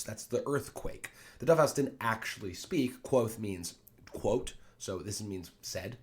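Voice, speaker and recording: A man's voice: on the low side, unhurried. A man teaching a play line by line, reading quoted lines in raised voices and then explaining them plainly.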